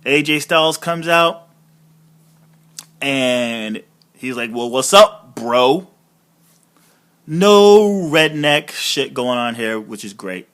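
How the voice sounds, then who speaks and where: A man's voice: on the high side, lively intonation, slow pace, fairly bright tone, clear, resonant tone. A man hosting a casual review podcast, rambling with fillers and swearing. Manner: rambling, profane, many fillers. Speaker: podcast host. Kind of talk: casual wrestling review chat.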